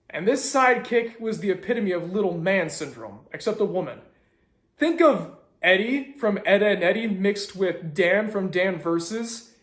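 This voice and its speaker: A young man casually telling a story as a video host, animated with sarcastic asides. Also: high voice, roomy sound.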